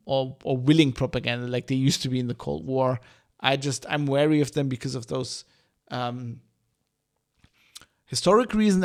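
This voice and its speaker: A man's voice: medium pitch, gravelly. A man hosting a podcast, giving casual solo commentary in a rambling, hesitant way with many restarts. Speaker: podcast host.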